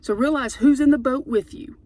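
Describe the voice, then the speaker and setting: A woman's voice: high-pitched, brisk, dark tone. A middle-aged woman giving an informal sermon in an earnest way, now and then rising to emphatic declarations. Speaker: preacher.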